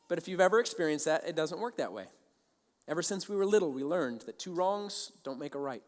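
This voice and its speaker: High-voiced man preaching in echoing hall. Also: quick pace. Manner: animated storytelling, acts out both sides of conversations. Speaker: pastor. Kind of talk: sermon. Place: large church auditorium.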